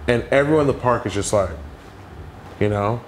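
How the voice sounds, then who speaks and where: A young man telling stories in a casual interview, animated and full of "like" fillers. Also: mid-range voice, fairly quick, slight background noise. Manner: animated storyteller, heavy "like" fillers. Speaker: podcast guest.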